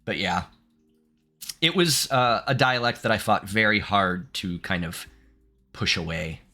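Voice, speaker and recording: A young man from Southern Ohio chats casually on a game stream, mulling things over and reading chat aloud. His voice is bright and forceful, and his pitch sits a little low. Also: measured pace. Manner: chatty, reflective, reads game text aloud.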